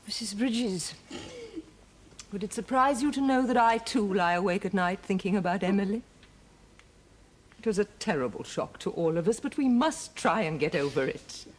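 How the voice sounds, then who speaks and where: A woman's voice: medium pitch, lively intonation, moderate pace, natural voice. An actress playing a commanding aristocratic lady. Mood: consoling. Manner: commanding, formal, then gently consoling. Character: firm, kindly aristocratic lady of the house. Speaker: mistress of the household. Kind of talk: period television drama.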